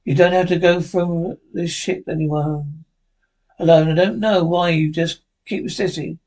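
A man's voice: on the high side, fairly even intonation, moderate pace, darkish tone. A man reading a TV drama script aloud, voicing every part himself and speaking the stage directions too. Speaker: script reader.

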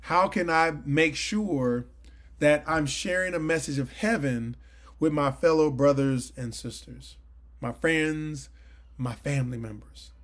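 Earnest preaching man, higher voice. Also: unhurried, a bit bright. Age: 40s. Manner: earnest, conversational preaching with rising emphatic bursts. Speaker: Bible study teacher. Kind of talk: sermon-style Bible teaching. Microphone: livestream mic.

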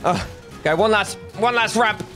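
A man voicing a comedic taxi driver in a game video, excitable and playful, with frequent yelps and exclamations. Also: high-pitched, normal speed, over music. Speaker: narrator and lead voice. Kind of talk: comedic game roleplay voiceover.

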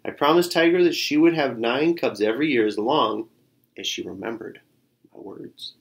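A man's voice: medium pitch, normal speed, vocal fry, natural voice. A solemn old sage, read by a man. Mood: regretful. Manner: solemn, sighing. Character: wise old male sage, regretful.

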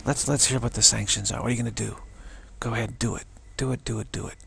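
A man's voice: medium pitch, steady tone, fast talker, gravelly, bright, forceful tone, a little hiss or hum. A man giving a spiritual talk, taunting and challenging in a mocking tone. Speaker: spiritual teacher.

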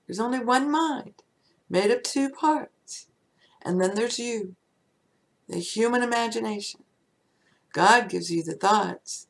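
Female host giving an inspirational spiritual talk; gravelly, slow-paced, keeps asking the listener questions. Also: mid-range voice, expressive. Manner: asks the listener many rhetorical questions.

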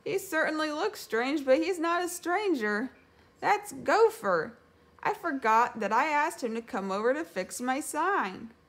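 A woman voicing a gentle, slow-witted, honey-loving bear in a storybook read-aloud, speaking in a slow wondering way. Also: sits high, animated, voice pushed up.

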